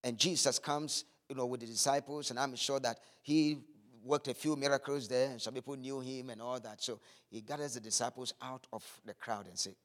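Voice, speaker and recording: A man's voice: mid-range voice, steady tone, fairly quick. A man preaching a sermon, acting out scripture scenes with vivid voices, then turning earnest.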